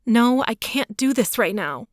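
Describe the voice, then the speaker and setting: A woman narrator voicing a frightened young woman in an audiobook, pleading in a high, tearful voice. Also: animated, measured pace, dry recording, clean studio sound. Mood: worried. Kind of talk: audiobook character reading.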